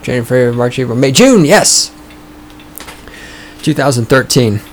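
A man hosting his own podcast, talking in a sarcastic, profane, ranting way, his voice starting to go hoarse. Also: mid-range voice, expressive, normal speed, slight background noise. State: voice going hoarse. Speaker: podcast host. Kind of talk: casual opinionated podcast monologue. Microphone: studio microphone.

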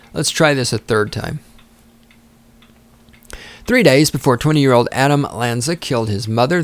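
A man delivering heated, sarcastic, profane commentary as a political commentator. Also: medium pitch. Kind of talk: ranting commentary.

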